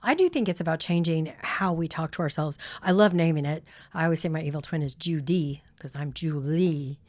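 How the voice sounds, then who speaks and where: A woman's voice: sits low, a little fast, a little mellow. A woman co-hosting a podcast in casual chat, affirming and encouraging as she talks. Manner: encouraging, affirming, plays out self-talk. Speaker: podcast co-host.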